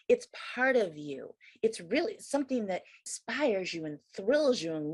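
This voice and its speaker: A woman's voice: medium pitch, big pitch swings, moderate pace, few pauses, darkish tone, slightly rough, no echo. A woman interviewing, agreeing eagerly and adding her own enthusiastic points.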